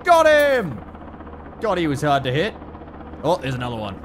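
Excitable Australian gamer, lively pitch. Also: male voice, fast talker, background noise. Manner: excitable, swears a lot, laughs often. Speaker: gaming YouTuber. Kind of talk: let's play commentary.

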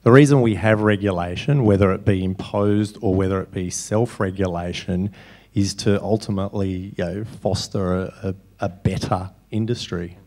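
A man's voice: low voice, fairly even intonation, normal speed, a little mellow. A man answering as a panelist on small business lending, casual and full of "you know" fillers. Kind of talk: panel discussion.

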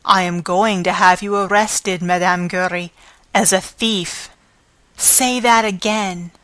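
Slow, measured woman reading an audiobook. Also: medium pitch, fairly bright tone, smooth, no room sound. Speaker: audiobook narrator. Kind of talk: scripted audiobook narration.

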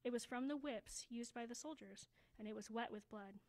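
A woman reading a children's story aloud at a church service, slowing down for emphasis and dropping to a hush. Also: a little high, poor audio. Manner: expressive, slows down for emphasis, drops to a hushed voice.

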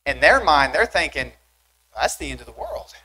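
Animated young preacher man, emphatic. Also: fairly high pitch, moderate pace, slightly rough, low-quality recording. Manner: animated, rising emphatic delivery with rhetorical questions. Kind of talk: sermon. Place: church sanctuary.

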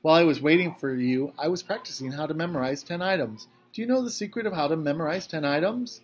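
A man's voice: fairly high pitch, quick pace, pitched above the performer's own voice, close to an everyday voice. A man doing an eager, lonely old man. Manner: eager, childlike, excitable. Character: cheerful lonely old male retired electrician.

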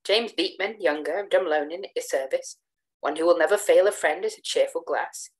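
A woman voicing a sly gentleman's double who speaks in a hushed, smooth, placating way. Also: lowish voice, brisk, natural voice, poor audio. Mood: soothing. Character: sly calm male double, soft and soothing.

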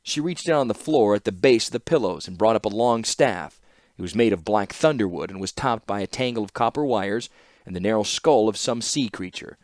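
A man reading a fantasy story aloud as an audiobook narrator, with steady, measured narration. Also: on the low side, no room sound, studio quality.

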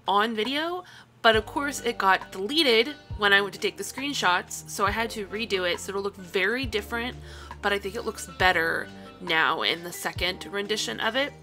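A woman's voice: mid-range voice, bright, forceful tone. A woman talking through a long, rambling voiceover in a chatty way, with many ums, who keeps yawning and apologising. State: yawning, tired. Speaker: video creator. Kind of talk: casual voiceover narration.

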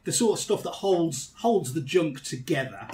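A man's voice: fairly high pitch, animated, normal speed, a little mellow, recorded from a distance. Chatty British man telling stories. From Britain. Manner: chatty anecdotal storytelling, laughing often. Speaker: podcast host. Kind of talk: casual chat.

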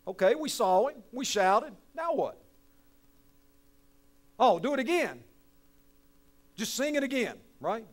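A middle-aged man with a West Virginian accent preaching a sermon, folksy and joking, swinging from hushed to loud. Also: very high voice, sing-song, slow pace, pauses often. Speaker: pastor.

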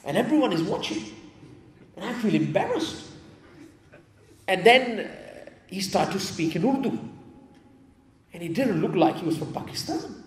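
A man with a fairly high voice tells stories in a sermon and repeats his key phrases to drive them home. He is from England. His voice rings through a roomy hall with a long, lingering reverb. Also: sing-song, unhurried, pauses often. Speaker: preacher. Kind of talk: storytelling sermon. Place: mosque hall.

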